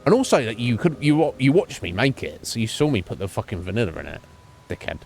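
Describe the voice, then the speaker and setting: A young man streaming, telling a profane, animated story about a coffee job and acting out the people in it. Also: mid-range voice, quick pace, creaky. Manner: profane, animated ranting with voiced quotes. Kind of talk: ranting story while streaming a game.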